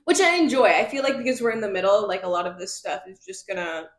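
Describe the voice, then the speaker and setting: A woman co-hosting a podcast, talking about a book in blunt, animated casual chat and swearing freely. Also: medium pitch, quick pace. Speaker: podcast co-host. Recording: roomy echo.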